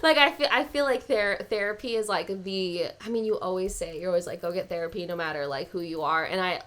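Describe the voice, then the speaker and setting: A woman's voice: on the low side, a little fast, few pauses, a bit bright, soft background music. A young woman chatting casually as a podcast guest, laughing often and swearing freely. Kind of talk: casual chat.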